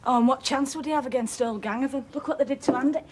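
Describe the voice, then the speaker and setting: An actress playing an anxious pregnant wife in a TV soap drama, pleading and in pain. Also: female voice, high voice, fast, a little hiss or hum, close to an everyday voice. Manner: pleading, pained.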